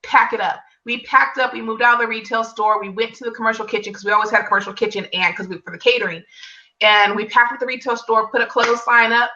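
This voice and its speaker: Animated woman telling her story. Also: fast talker, slight background noise. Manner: animated storyteller, acts out quotes in higher pitch. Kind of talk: personal story in casual conversation. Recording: distant mic, dull lo-fi sound.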